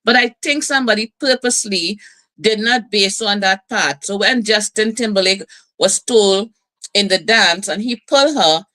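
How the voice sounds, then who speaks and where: A middle-aged woman host, telling stories and preaching in a lively community broadcast. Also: mid-range voice, normal speed. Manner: lively, preachy storytelling with laughs and asides.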